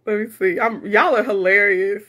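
A woman hosting a casual live stream, reading viewer comments aloud and reacting with animated chatter and frequent laughter. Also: mid-range voice.

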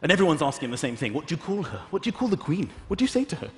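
A man doing stand-up comedy on stage, animated and acting out voices, shouting punchlines. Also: a little high, rapid-fire, a little hiss or hum. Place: large hall with audience. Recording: echoey live hall, audience laughter.

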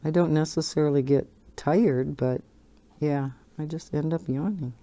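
A woman's voice: low voice, normal speed, dark tone. A woman hosting a coloring channel, chatting casually and rambling, often breaking into laughter. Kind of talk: casual chat while coloring.

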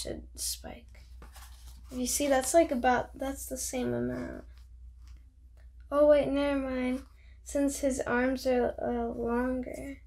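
Woman host, kids' book read-aloud, bubbly and chatty, slightly higher voice. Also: expressive, takes it slowly, gravelly, pauses often, a little mellow. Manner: bubbly, chatty, reacts to the pictures. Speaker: host reading picture books aloud.

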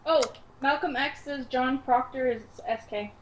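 A woman in casual gameplay chat, teasing and talkative. Her voice sits a little on the high side, with a faint hiss of noise behind it. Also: unhurried, poor audio. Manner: chatty, teasing.

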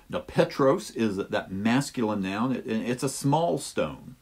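A man's voice: on the low side, lively intonation, unhurried, hardly any pauses, a little mellow, slightly rough. A man explaining a Bible passage to teachers in a weekly lesson, with a few "uh"s as he goes. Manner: explanatory, with some filler "uh"s.

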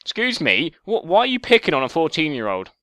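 A man's voice: a little high, huge pitch swings, a little fast, fairly bright tone, no echo. A man putting on a posh British voice as a fussy, indignant older brother over voice chat. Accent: put-on posh British. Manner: fussy, indignant, overly polite.

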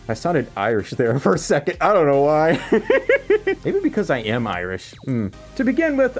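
A YouTuber chatting casually while reading fan letters aloud, bubbly and quick to laugh. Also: medium pitch. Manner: bubbly, laughs often, squeals when excited. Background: faint background music.

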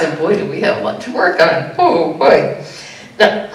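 Woman, pastor, animated sermon, echoey sanctuary, distant mic. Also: normal speed. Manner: animated preaching with sudden high exclamations. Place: church sanctuary. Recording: echoey church room heard from a distance.

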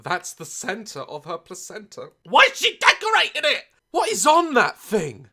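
A man hosting a comedic reaction video, loud and mocking, swearing often and laughing between rants. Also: high voice, huge pitch swings, moderate pace.

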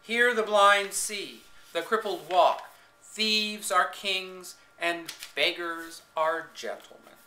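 A man voicing a fat, gloating, menacing king of beggars in a booming, theatrical way, recorded on a home camcorder in an echoey room. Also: slow pace, pushed and bright, slight background noise, full character voice.

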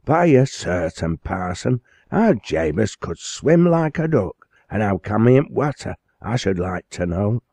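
A man's voice: lowish voice, big pitch swings, measured pace, vocal fry, few pauses, a little mellow, dry recording, pitched above the performer's own voice, exaggerated voice. A man voicing a stiff rheumatic old man. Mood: indignant.

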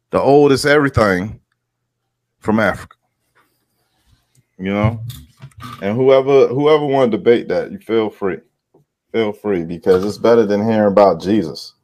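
A man's voice: mid-range voice, no echo, clean studio sound. A man doing heated, profane ranting commentary, emphatic and repetitive, greeting his viewers as he goes. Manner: heated, emphatic, swears a lot, repeats himself. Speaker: vlogger.

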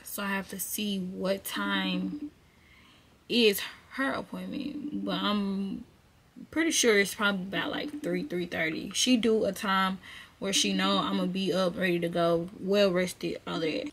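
A woman's voice: mid-range voice, steady tone, unhurried, fairly bright tone. A young woman, chatting informally and directly to her viewers on a vlog, recorded on a camera mic. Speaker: vlogger. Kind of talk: casual vlog chat to camera.

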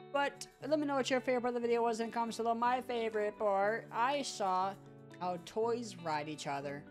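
High lively woman reacting to clips, lots of giggles and slang, music under her. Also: moderate pace. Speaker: reaction video host. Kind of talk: casual reaction commentary. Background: video clip audio and music.

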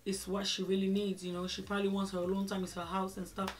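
A woman quoting a gentle, soothing mother. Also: medium pitch, monotone, fast talker, close to an everyday voice. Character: gentle understanding mother on the phone.

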